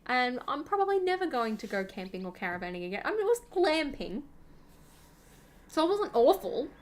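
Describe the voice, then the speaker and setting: A woman's voice: sits high, very animated, brisk. A young woman, hosting a gaming channel and chatting casually over gameplay in a rambling way, full of fillers.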